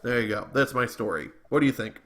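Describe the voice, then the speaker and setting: A man's voice: mid-range voice, expressive, fast, a bit bright, a little hiss or hum. A man co-hosting a wrestling podcast, talking in a casual, opinionated, rambling way, often restarting his sentences. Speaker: podcast co-host. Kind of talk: casual wrestling commentary chat.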